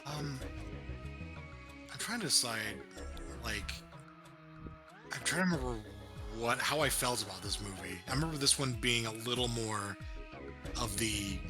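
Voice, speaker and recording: Laid-back joking man. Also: mid-range voice. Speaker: podcast co-host. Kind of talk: casual film review chat.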